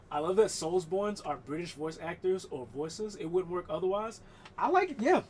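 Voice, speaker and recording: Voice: medium pitch, darkish tone, a little hiss or hum. Rambling, profane live streamer. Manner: rambling, profane, laughs often. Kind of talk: casual chat while gaming.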